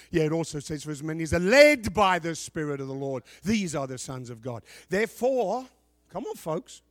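High-voiced man preaching with big swings. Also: normal speed, no room sound. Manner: animated preaching, swings from shouted scripture to low asides. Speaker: pastor. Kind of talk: sermon.

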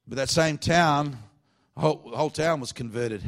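A man with an Australian accent preaching a lively revival sermon in a church hall. His voice sits a little high, and he swings between quiet, joking asides and loud, exuberant bursts. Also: normal speed. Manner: jokey, exuberant, swings from hushed to shouting. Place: church hall before a congregation.

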